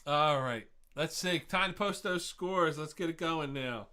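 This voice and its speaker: Male quiz host, slightly high voice, live stream, giggles at own jokes, rambling asides. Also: measured pace, bright, forceful tone. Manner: laughs at his own jokes, rambling rants.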